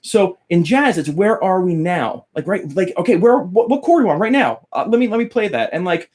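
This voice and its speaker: A man's voice: sits high, sing-song, a little fast, a little mellow, slightly rough. A man teaching guitar on a casual live stream, rambling, chatting with viewers by name and losing his train of thought. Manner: greets chat viewers by name while teaching.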